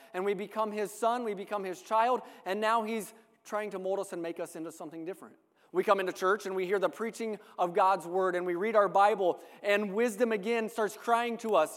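Male preacher, high voice, earnest sermon with stacked repetitions, long hall reverb. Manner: earnest, building repetition of phrases.

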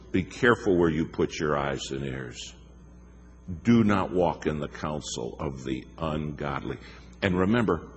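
A man preaching a sermon in a folksy, emphatic way, telling stories and slowing down to stress his points. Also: very deep voice, long reverb tail. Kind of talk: sermon with storytelling.

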